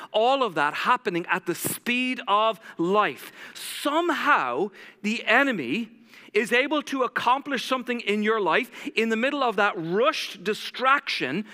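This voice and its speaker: Male lead pastor, high-ish sharp voice, intense fast preaching, long church echo. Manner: intense, fast-talking preacher who drops to a soft hush for scripture. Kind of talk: sermon. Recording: long church hall reverb.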